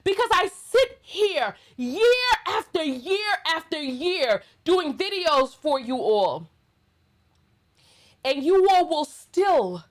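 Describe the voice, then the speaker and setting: A woman's voice: sits high, sing-song, slow. A middle-aged woman with a New York accent hosting a blunt, sassy reaction commentary monologue. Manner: sassy, blunt, emphatic ranting. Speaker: commentary channel host.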